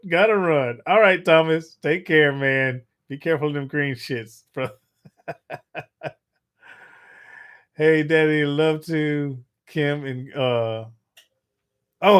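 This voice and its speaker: A middle-aged man chatting on a livestream in a voice that sits a little high. He reads out viewer comments and answers them with crude, joking banter. He breaks into laughter often. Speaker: livestream host reading chat. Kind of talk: casual livestream chat.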